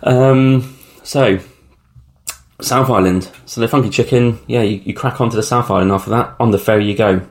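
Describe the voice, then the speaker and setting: This solo podcast host, a man in his thirties, speaks at a normal speed in a medium-pitched, darkish voice with fairly even intonation. He tells casual travel stories, rambling and chatty, using blunt slang and lots of ums.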